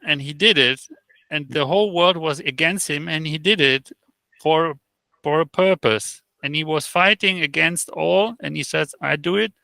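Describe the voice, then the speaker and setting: There's no room sound as a gravelly, bright-voiced man with a higher-leaning pitch tells stories during a casual interview where he's the guest. Halting and prone to fillers and restarts, he animatedly plays out the quoted exchanges.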